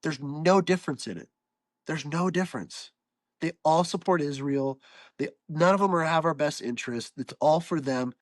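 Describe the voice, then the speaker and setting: Joining a podcast by video call, this man rants profanely in a casual chat, his voice nasal and congested. It sits on the high side at a moderate pace, with no room sound.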